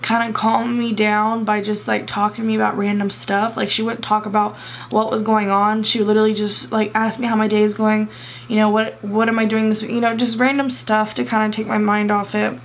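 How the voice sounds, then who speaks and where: A young woman tells a personal story to her camera, close to tears and stumbling over fillers. Her voice is gravelly and flat, held close to one pitch. A faint hiss sits behind her. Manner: emotional, halting, many fillers. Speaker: vlogger.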